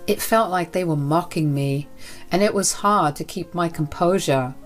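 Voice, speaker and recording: Woman narrator, low voice, earnest dramatic storytelling over faint music. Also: normal speed. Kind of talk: scripted first-person story narration.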